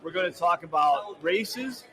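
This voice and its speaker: A man's voice: high voice, expressive, measured pace, a crowd in the background, low-quality recording. A man co-hosting a casual podcast, joking and teasing and laughing often. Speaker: podcast co-host.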